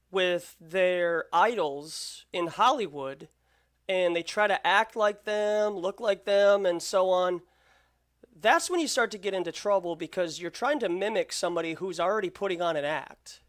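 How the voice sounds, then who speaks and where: A live-stream host talks in a voice of middle pitch. The delivery is slow and deliberate, like a lecture. The speaker lays out points one by one, pausing often between them. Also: a bit bright. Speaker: channel host.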